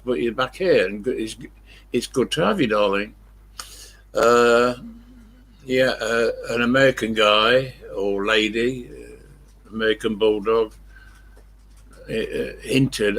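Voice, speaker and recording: A man's voice: medium pitch, a bit bright. An older man hosting a live stream, chatting in a rambling, blunt way, swearing freely and correcting himself as he goes.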